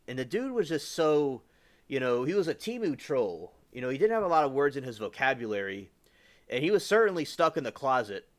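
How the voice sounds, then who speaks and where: A man's voice: mid-range voice, very animated, a little fast. A man from the US South hosting a livestream, rambling casually with lots of fillers and restarts. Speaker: livestream host.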